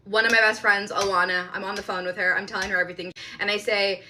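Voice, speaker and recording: A woman's voice: medium pitch, little pitch movement, fast, few pauses, background noise. A woman recounting a bad date in casual storytime style, matter-of-fact and conversational.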